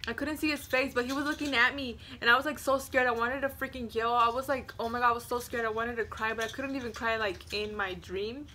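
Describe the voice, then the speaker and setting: A woman in her twenties, a vlogger telling a story to camera in a rambling, casual way, full of "like" fillers, hushing at the scary parts. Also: on the high side, fairly even intonation, brisk, few pauses, slight background noise.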